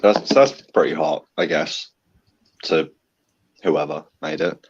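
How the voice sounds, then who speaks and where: A man's voice: extremely low pitch, expressive, slow pace, creaky, a little hiss or hum. A man, a guest in a casual chat, blunt and swearing casually. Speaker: guest, chili challenge eater. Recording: dull lo-fi sound.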